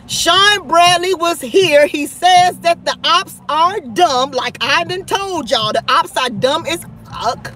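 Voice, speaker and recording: High-voiced woman in her thirties, live-stream host, gossipy and excitable. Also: slow, hardly any pauses. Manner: animated, gossipy, full of "child" and "honey". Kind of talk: casual live-stream chat.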